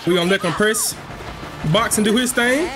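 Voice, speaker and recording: A man's voice: sits high, moderate pace. A man hosting his gaming channel, giving playful, slangy trash-talk commentary while he plays and joking with his viewers. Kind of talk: live gameplay commentary.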